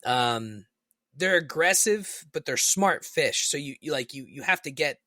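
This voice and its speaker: A man co-hosting a casual podcast chat, telling lively stories with swearing and leaping into high voices to mimic people. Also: measured pace, no room sound, clean studio sound. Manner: animated storyteller, swearing, jumps high in pitch to mimic voices. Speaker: podcast co-host.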